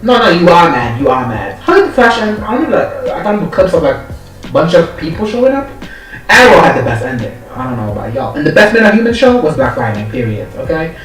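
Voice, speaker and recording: A man's voice: a little high, big pitch swings, a little fast, a bit bright, reverberant, distant mic, faint music behind, low-quality recording. A man ranting casually in a vlog, sassy and profane, often acting out characters' lines. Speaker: vlogger. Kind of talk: casual rant.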